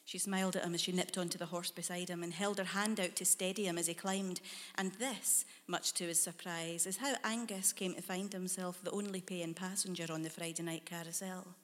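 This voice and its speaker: Brief: woman narrator, lowish voice, measured and hushed, long hall reverb. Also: fairly even intonation. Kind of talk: scripted story narration.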